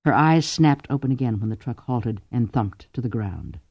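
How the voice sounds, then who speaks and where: A man narrating an audiobook in a measured, deliberate storytelling manner. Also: medium pitch, lively intonation, gravelly, slightly rough, no echo, lo-fi sound. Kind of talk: scripted narration.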